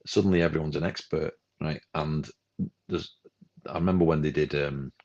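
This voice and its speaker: Gravelly man, podcast co-host, animated ranter, muffled stream audio. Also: very deep voice, moderate pace, a little hiss or hum. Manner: animated, ranting, acts out quoted people. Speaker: film club co-host. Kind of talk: casual podcast chat. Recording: dull lo-fi livestream audio.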